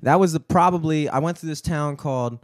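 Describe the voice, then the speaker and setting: A man's voice: a little high, fairly quick, dry recording, studio quality. A man hosting a casual podcast chat, telling stories loosely with lots of swearing and laughter. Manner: profane, laughing storyteller. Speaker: podcast host.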